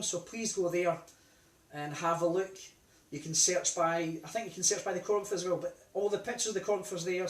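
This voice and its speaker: A man in his forties, a line dance instructor with a British accent, calling steps in a raised sing-song voice and then chatting, out of breath. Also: high voice. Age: 40s. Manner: chatty and relaxed between dances. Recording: distant mic in an echoey room. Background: music playing.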